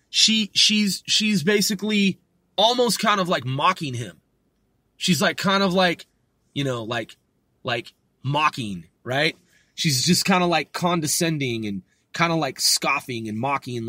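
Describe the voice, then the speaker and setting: Bright-voiced man rambling in a commentary. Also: high-pitched, dry recording. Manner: rambling, many fillers and restarts. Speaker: channel host. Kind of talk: casual monologue commentary.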